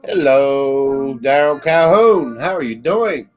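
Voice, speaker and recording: A man hosting a casual livestream, slowly greeting viewers and thanking chatters by name. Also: medium pitch, darkish tone, soft background music. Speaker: livestream host.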